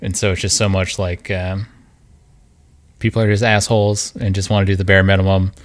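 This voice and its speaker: Host: man with a very deep voice, halting and relaxed, casual podcast chat. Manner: halting, many ums and uhs.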